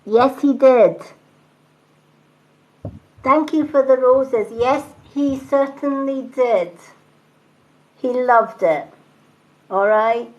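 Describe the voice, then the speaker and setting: A woman's voice: sits high, drawn-out words, pauses often, low-quality recording. A woman giving a live spiritual reading, chatty and reassuring, often repeating phrases and asking "right?". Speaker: psychic reader.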